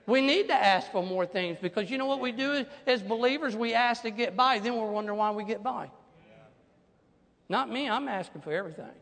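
A man preaching a sermon as pastor, animated, swinging from hushed asides to loud declarations. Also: high voice, a little fast, creaky, in a large hall.

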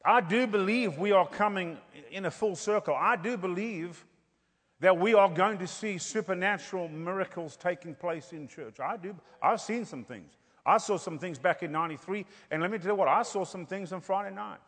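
A man preaching a sermon with a fairly high voice, with a long reverb trailing behind him as if in a large hall. He tells his stories in a storytelling way, then swells into loud, fervent exclamations. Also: moderate pace.

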